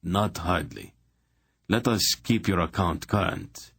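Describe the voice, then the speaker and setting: A man's voice: low voice, expressive, slow pace, gravelly, fairly bright tone, husky, no echo, heavily acted. A man voicing a blunt, stubborn male merchant in an audiobook, speaking with dry mockery. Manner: blunt, mocking.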